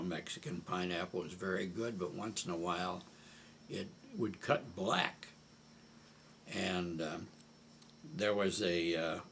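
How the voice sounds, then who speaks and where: An older man from Omaha with a low voice recalls old stories in an unhurried way, often pausing to gather his thoughts. A faint hiss sits under the recording. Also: fairly bright tone. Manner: unhurried, with frequent hesitations. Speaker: oral history interviewee. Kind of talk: reminiscing storytelling.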